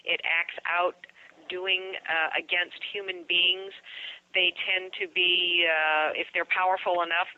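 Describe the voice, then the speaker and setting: A woman speaking as a guest paranormal investigator, explaining in a measured way with frequent fillers. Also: lowish voice, no room sound. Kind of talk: explanatory interview answer. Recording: dry, muffled lo-fi line.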